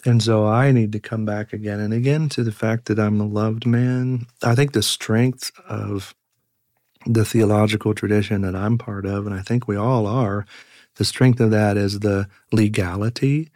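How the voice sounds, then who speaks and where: A middle-aged man, a pastor, telling reflective stories in an earnest, halting way with many fillers. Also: fairly low pitch, steady tone, a little mellow, dry recording, studio quality. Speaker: pastor and guest. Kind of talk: reflective conversational storytelling.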